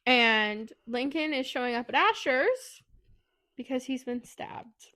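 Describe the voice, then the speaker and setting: A woman co-hosting a podcast gives a casual book recap, retelling it in a fast, animated way with plenty of swearing. Her voice is on the higher side.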